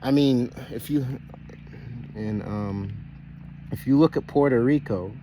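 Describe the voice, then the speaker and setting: Man, rambling sermon-like vlog talk, mid-pitched voice, faint background hiss. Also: takes it slowly, mellow. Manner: rambling, repeats phrases, self-interrupts; calls out to listeners as brothers and sisters. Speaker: online speaker addressing followers. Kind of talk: loose preaching monologue.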